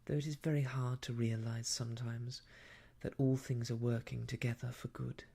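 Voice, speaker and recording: A man voicing a gentle, earnest young woman in a whispered role-play, speaking softly and sincerely. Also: medium pitch, level tone, moderate pace, creaky. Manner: soft, sincere and quiet.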